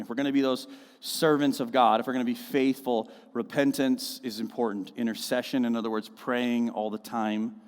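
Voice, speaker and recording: A man preaching a sermon as a pastor, conversational and full of animated storytelling, in a church auditorium. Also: mid-range voice. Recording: echoey church hall.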